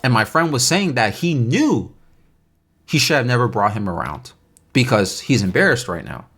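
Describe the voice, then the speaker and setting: A young man telling a casual story time vlog, animated and incredulous as he reenacts the night. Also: medium pitch, normal speed, breathy edge.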